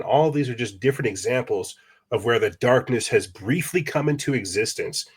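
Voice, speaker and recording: A man's voice: medium pitch, slightly rough. A man hosting a podcast, talking in a rambling casual monologue with restarts and rhetorical questions. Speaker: podcast host.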